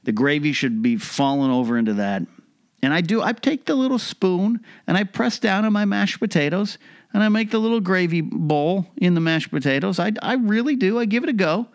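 A young adult man delivering a casual, mock-serious comedic monologue with animated, rhetorical asides. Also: high voice, fairly quick.

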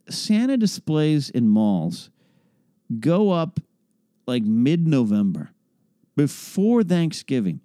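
A man's voice: on the high side, sing-song, slow, pauses often, warm tone, no room sound, clean studio sound. A man hosting a podcast, chatting casually through listener questions in a rambling, wry way that often breaks off and restarts. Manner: rambling, self-interrupting and wry. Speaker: podcast host.

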